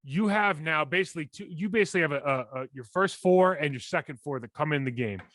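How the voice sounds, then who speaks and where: A man in his forties co-hosting a casual sports podcast, animated and breaking down plays in detail with many restarts. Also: on the high side, fast talker, no echo. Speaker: podcast co-host, former NFL lineman.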